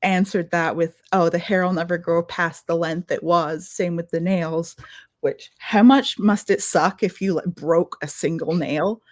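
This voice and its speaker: A woman's voice: fairly low pitch, fairly even intonation, unhurried, no room sound, studio quality. A woman with a Scottish accent, chatting enthusiastically as a podcast co-host and asking an author questions. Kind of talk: casual chat.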